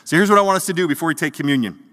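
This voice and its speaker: A man preaches to his congregation in an earnest, conversational way, often stumbling and repeating words as he searches for them. His voice sits high and sounds bright and forceful. The sound carries the long reverb of a church hall. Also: rapid-fire. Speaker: pastor. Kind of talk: sermon.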